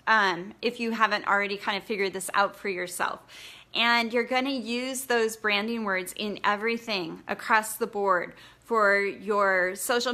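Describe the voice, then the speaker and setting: A woman's voice: medium pitch, bright, forceful tone. A woman blogging coach giving a casual, encouraging live training, chatty and full of fillers.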